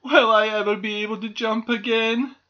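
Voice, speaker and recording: A man voicing a boastful young male toy squirrel in a storybook reading, high and loud. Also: measured pace, highs cut off, exaggerated voice. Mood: whimpering. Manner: shouting, then whimpering.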